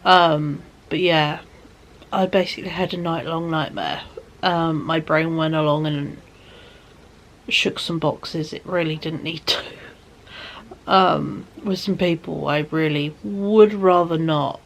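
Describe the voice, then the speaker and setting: Slow, gravelly woman vlogging. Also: deep voice, fairly even intonation, a little hiss or hum. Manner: rambling, soft, often drops to a whisper. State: tired. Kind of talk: casual chat to camera.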